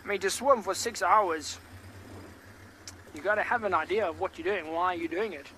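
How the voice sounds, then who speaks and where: Bright-voiced man guiding a live safari. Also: high voice, moderate pace, a little hiss or hum, poor audio. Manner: chatty, answering viewer comments. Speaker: safari guide. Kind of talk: live game drive commentary. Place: outdoors in a safari vehicle.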